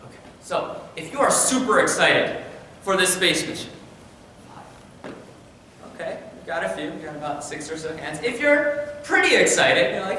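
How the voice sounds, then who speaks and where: A man with a high, bright voice gives a lively talk to a room full of teachers. He sounds energetic and often repeats himself when he starts a sentence. The sound comes from well back in a large, reverberant hall, with a faint hiss underneath. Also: fairly quick. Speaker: high school science teacher presenting. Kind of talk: conference presentation. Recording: echoey hall from far off, faint noise.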